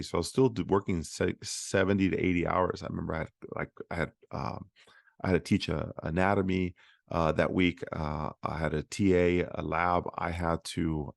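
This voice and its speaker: A man's voice: sits low, creaky, no room sound, studio quality. A man hosting a solo podcast for physical therapists, talking in a conversational, motivational way with frequent fillers. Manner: conversational, many fillers and restarts.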